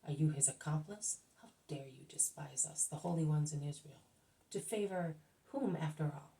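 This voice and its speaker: Proud, vainglorious male Pharisees speak, as a woman reading a storybook aloud puts them on. The tone is low and dark, picked up from a distance. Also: normal speed, gravelly. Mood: accusing. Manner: accusing, then fawning.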